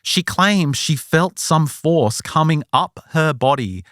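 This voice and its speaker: A man in casual podcast chat tells a story with animated energy and slips into the voices of the people in it. His voice sits a bit high for a man. The sound is dry and close to the mic, with no room echo. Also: slow. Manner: animated, acts out the people he quotes. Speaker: podcast host.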